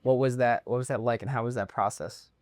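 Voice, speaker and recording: A man hosting a casual podcast interview, asking quick, upbeat questions. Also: mid-range voice, steady tone, a little mellow, no echo, studio quality. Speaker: podcast host.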